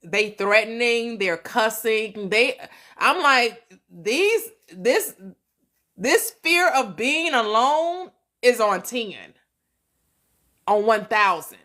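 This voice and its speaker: Woman on a live stream, slow and halting, bright sharp voice, heartfelt and chatty, bit of aave. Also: a little high, expressive. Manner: slow, halting speech with many restarts and fillers; emotional, heartfelt storytelling. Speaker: host of a manifestation channel. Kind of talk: casual live-stream chat.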